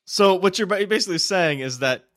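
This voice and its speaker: A man's voice: high-pitched, animated, fairly quick, fairly bright tone. A man with an Ohio accent hosting a podcast, joking through casual banter. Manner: joking, playful. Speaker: podcast host.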